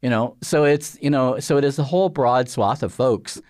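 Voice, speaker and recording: A man's voice: medium pitch, moderate pace, darkish tone, dry recording, studio quality. A middle-aged Canadian man, a regulator official, talking earnestly as an interview guest with lots of fillers. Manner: rambling, filler-heavy, earnest. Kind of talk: conversational interview.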